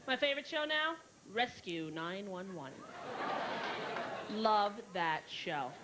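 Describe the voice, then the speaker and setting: A woman doing a stand-up comedy set, telling stories quickly and in an animated way, with squealed character voices. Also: medium pitch. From New York. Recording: live show with noisy room ambience.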